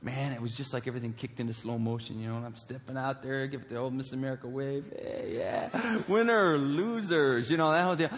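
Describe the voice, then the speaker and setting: A pastor preaching a humorous, story-driven sermon in a large auditorium, animated and jokey, with many fillers and asides. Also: male voice, mid-range voice, very fast, few pauses, a little hiss or hum. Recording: long auditorium reverb.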